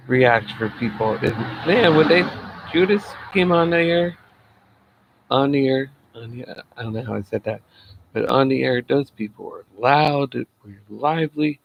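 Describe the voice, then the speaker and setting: Male reviewer, casual solo talk, some fry in the voice, dull home mic. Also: medium pitch. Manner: chatty, laughs at his own jokes. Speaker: wrestling show reviewer.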